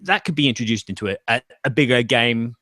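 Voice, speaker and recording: A man's voice: mid-range voice, lively intonation, fast talker, bright, forceful tone, no room sound, clean studio sound. A man hosting a casual chat about board games, thinking aloud with fillers and restarts. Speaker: podcast host.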